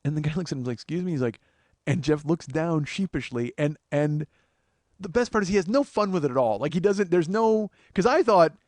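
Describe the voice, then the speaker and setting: A man in his forties telling a profane comic story on his own show, animated and acting out every quote. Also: a little high, fairly quick, no room sound, studio quality. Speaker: comedian host.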